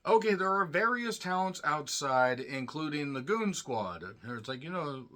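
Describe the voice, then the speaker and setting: A man giving a solo review, talking in a sarcastic, profane, ranting way with frequent asides and throat-clearing. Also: on the high side, expressive, unhurried, hardly any pauses, sharp tone. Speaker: wrestling show reviewer.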